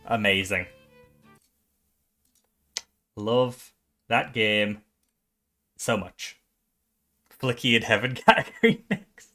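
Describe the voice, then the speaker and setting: A man hosting his own game awards on a live stream, excitable and swearing, often stumbling and restarting his sentences. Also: fairly low pitch, takes it slowly.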